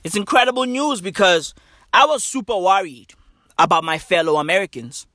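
A woman's voice: mid-range voice, normal speed, fairly bright tone, dry recording, clean studio sound. A woman from Africa, delivering a profane, slang-heavy comedic rant that keeps checking in with "right?". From South Africa.

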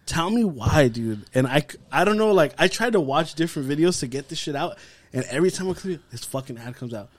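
A man's voice: on the high side, animated, brisk, no echo. A man co-hosting a podcast, chatting in a laid-back, profane way that leans on "dude.". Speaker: podcast co-host. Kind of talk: casual chat.

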